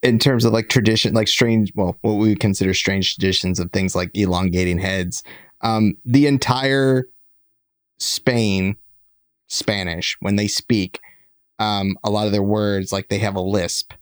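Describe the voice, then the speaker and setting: A man with a low voice weighs his points with hedges and a dry wit. The sound is close and dry, with no room around it. It sounds like an easygoing group conversation. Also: steady tone, a little slow, clean tone, no echo. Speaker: podcast co-host. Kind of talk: casual chat.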